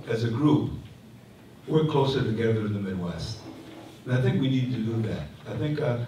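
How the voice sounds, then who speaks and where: A man's voice: medium pitch, mellow. A man moderating a panel at a conference, introducing the speakers with joking asides and many restarts. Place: community hall. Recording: echoey hall from far off, faint noise.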